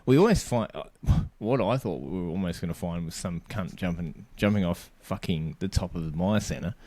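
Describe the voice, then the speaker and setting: A man's voice: low voice, moderate pace, warm tone, no room sound. An Australian man co-hosting a podcast, telling sweary, laugh-filled anecdotes. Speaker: podcast co-host. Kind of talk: casual chat.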